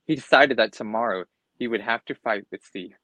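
A man's voice: medium pitch, fairly quick, no room sound, low-quality recording. Man reading a children's storybook aloud. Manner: expressive, occasional slips and restarts. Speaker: storybook reader.

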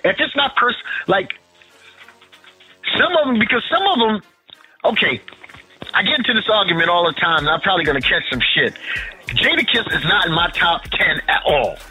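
A podcast co-host from Harlem, New York, chats casually in a high voice at normal speed, leaving long pauses. He's blunt, lively and opinionated, swearing often and restarting sentences as he argues his views. Faint music plays behind a low-quality recording.

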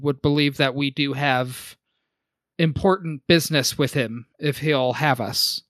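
A man's voice: mid-range voice, steady tone, unhurried, fairly bright tone, no echo. A man playing a tabletop game, speaking in character hesitantly and politely, with many fillers. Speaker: player. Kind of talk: in-character role-play.

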